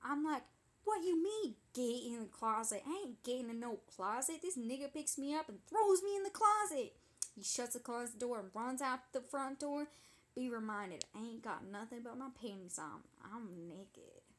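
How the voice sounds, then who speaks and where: A woman's voice: a little high, lively intonation, normal speed. Woman playing sassy gossiping young woman. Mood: dramatic gossip. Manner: breathless, indignant, gossipy storytelling. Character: sassy dramatic young woman telling a wild story. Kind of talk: comedic character monologue.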